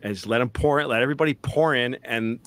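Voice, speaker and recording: A man giving a rambling opinion, musing out loud in a halting way with fillers. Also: medium pitch, no room sound.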